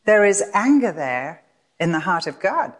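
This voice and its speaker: Older woman preaching, lively storytelling. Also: lowish voice, measured pace, slightly rough. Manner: expressive storyteller, acts out voices in her stories. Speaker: Bible teacher. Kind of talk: sermon storytelling.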